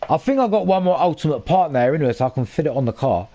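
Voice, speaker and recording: A young man talks his viewers through a racing game. He swears freely and gets heated when things go wrong. His voice sits a little high. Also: expressive, quick pace, few pauses, warm tone. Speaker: live-streaming gamer. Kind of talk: casual gameplay commentary.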